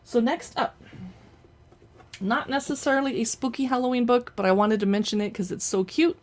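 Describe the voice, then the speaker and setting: A woman's voice: fairly high pitch, steady tone, moderate pace. Woman, chatty show-and-tell host, playful, indoor home setup. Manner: chatty, playful, talks while handling items. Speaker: host showing books and collectibles. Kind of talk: casual show-and-tell chat. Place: indoors at home in front of a backdrop.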